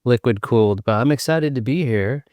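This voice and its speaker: A man's voice: mid-range voice, normal speed, darkish tone, no echo. A man from the United States, a sales consultant, speaking as a guest on a video call podcast in a rambling, jokey way. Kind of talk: interview conversation.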